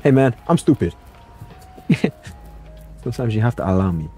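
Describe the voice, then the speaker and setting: A young man doing live gameplay commentary, playful and excitable, reading chat and yelping at the action. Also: moderate pace, soft background music. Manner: playful and excitable, jumping to high yelps. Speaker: streamer.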